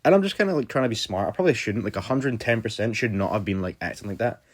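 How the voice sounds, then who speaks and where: A man's voice: fairly low pitch, lively intonation, quick pace. A young man telling a storytime vlog in a casual, rambling way, full of fillers and swearing. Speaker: vlogger.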